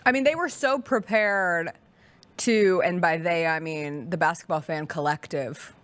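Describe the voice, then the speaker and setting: A woman's voice: on the low side, fairly bright tone. Emphatic woman sports show host. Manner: emphatic, dramatic pauses. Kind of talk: casual sports talk.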